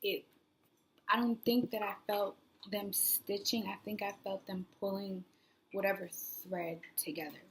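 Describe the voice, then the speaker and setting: A young woman telling her own story in a casual vlog, rambling with lots of "like" fillers and sometimes dropping to a soft near-whisper. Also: medium pitch, little pitch movement, unhurried, a little hiss or hum. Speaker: new mother vlogger.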